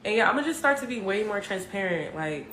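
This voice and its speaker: Young woman from Richmond, California, halting and roomy. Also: medium pitch, expressive. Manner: halting, heavy on filler words. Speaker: musician sharing her story. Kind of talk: casual confessional talk. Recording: roomy echo with background noise.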